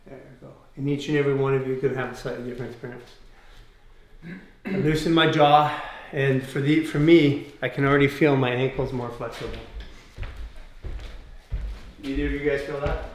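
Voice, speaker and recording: Man calmly guiding a body exercise class. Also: medium pitch, moderate pace, pauses often. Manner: calm step-by-step cueing, explains as he goes. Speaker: fascia exercise instructor. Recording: roomy echoey room.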